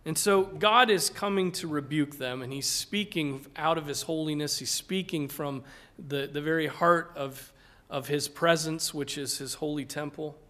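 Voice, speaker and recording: A man's voice: a little high, moderate pace, bright, forceful tone. A man preaching an expository sermon as a pastor. He talks earnestly and with emphasis, often checking in with "right?" and repeating words as he builds a point.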